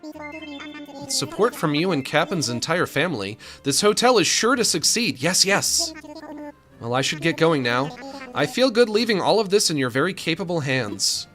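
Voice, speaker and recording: A man voicing a polite, businesslike male raccoon shopkeeper with a genteel, smooth salesman manner. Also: fairly high pitch, sing-song, normal speed, sharp tone, faint music behind, pitched above the performer's own voice. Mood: genial.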